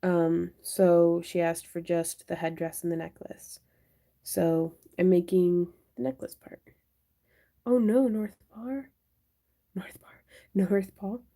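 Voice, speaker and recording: A young woman hosts a craft livestream, chatting casually, thinking aloud and answering viewers' chat as she works. Her voice is fairly low, creaky and warm, with a steady tone and slow pace.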